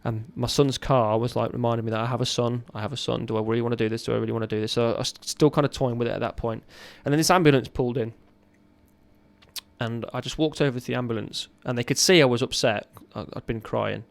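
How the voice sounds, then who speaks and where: A man in his thirties, a podcast guest, telling a raw personal story in an earnest, halting way. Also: mid-range voice, steady tone, gravelly.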